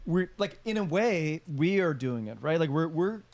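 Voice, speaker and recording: Male co-host, higher than average, rambling and repetitive, laid-back chat. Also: lively intonation, normal speed, a little mellow. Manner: rambling, repeats himself, filler-heavy. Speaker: podcast co-host. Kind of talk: casual chat.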